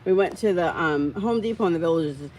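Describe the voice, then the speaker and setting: A woman's voice: lowish voice, lively intonation, brisk, darkish tone, a little hiss or hum, rough recording. A woman hosting a casual live stream, chatting with viewers, reading out their comments and getting heated about how dogs are treated. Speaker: livestream host.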